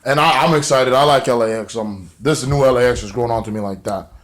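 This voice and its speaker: A man's voice: mid-range voice, quick pace. Rambling casual wrestling reviewer man. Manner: rambling, many fillers, swearing. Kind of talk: casual recap vlog.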